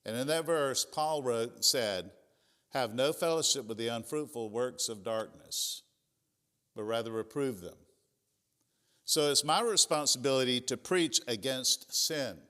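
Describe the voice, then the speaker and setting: Preacher in an echoing sanctuary. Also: male voice, mid-range voice, a little slow, fairly bright tone. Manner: conversational preaching, plain folksy retelling of scripture. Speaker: pastor. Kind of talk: sermon. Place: church sanctuary. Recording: long church reverb.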